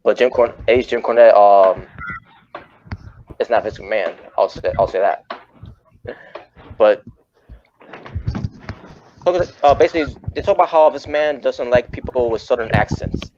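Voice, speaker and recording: A man's voice: medium pitch, a little slow, pauses often, darkish tone, slight background noise. A man hosting a casual wrestling chat podcast, rambling and often correcting himself mid-sentence. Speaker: podcast host. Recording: muffled lo-fi audio.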